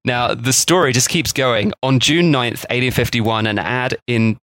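Man, podcast host, casual storytelling, mid-pitched, dry close sound, chatty with jokey asides. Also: a little slow, a bit bright, no echo. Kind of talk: casual history podcast chat.

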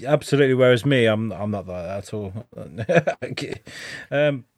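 A man's voice: lowish voice, lively intonation, normal speed, no room sound, clean studio sound. A man co-hosting a podcast in casual, chatty conversation. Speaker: podcast co-host. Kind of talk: casual chat.

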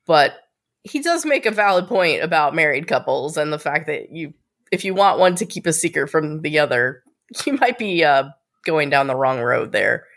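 Woman, co-host, lowish voice, casual TV recap chat, laughs a lot. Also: fairly bright tone. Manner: laughs often while talking, thoughtful asides.

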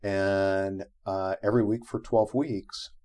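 Man, deep voice, middle-aged, storytelling guest, acts out quotes. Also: slow pace. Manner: animated, acts out quotes from his own story. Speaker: interview guest. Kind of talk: storytelling in a conversation.

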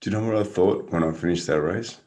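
A man's voice: low-pitched, fast talker. A man, a guest casually telling a story and laughing through it. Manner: animated, laughs through his stories.

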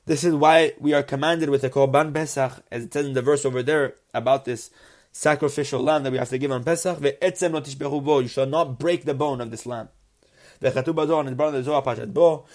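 Man, Torah teacher, mid-pitched voice, reads Hebrew then translates, asks and answers his own questions. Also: darkish tone. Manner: poses rhetorical questions and answers them. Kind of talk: religious text lesson.

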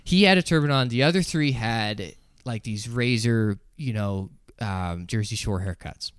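A man in his twenties telling a story on a podcast, animated, acting out other people's voices and laughing as he goes. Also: medium pitch, unhurried, smooth, dry recording, clean studio sound. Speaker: podcast co-host. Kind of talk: casual storytelling.

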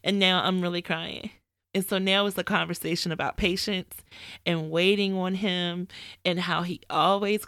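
A woman hosting a faith podcast, telling a personal story in a candid, animated way and quoting her own asides. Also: mid-range voice, dry recording, studio quality. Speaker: podcast host. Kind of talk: casual faith talk, storytelling.

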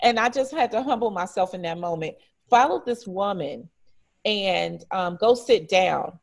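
A woman from Detroit tells a story to her interviewer at an easy, conversational pitch. She brings it to life by acting out the dialogue in lively voices. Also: unhurried, vocal fry. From Detroit, United States. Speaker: franchise regional director, interview guest.

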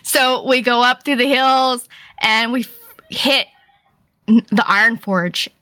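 Bright animated woman telling a story. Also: fairly high pitch, slow, dry recording. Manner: animated, acts out her own past reactions. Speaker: podcast guest. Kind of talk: casual storytelling.

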